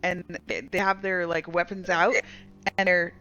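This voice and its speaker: A woman's voice: lowish voice, flat delivery, pushed and bright, muffled recording. Casual woman running a tabletop game. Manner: casual, halting narration with fillers. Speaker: dungeon master.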